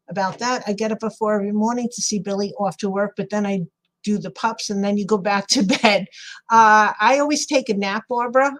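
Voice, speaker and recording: A woman's voice: mid-range voice, low-quality recording. Middle-aged woman, New York accent, craft livestream host, rambling and chatty, laughs easily, reads chat aloud. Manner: chatty, rambling, laughs often, answers viewers by name. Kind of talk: casual chat while crafting and reading live chat.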